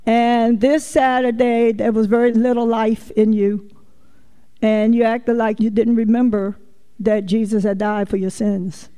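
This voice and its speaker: A woman's voice: a little high, measured pace, clear, resonant tone. A woman preacher giving a sermon, telling folksy stories and calling out directly to her congregation. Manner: lively folksy storytelling, addresses the congregation directly.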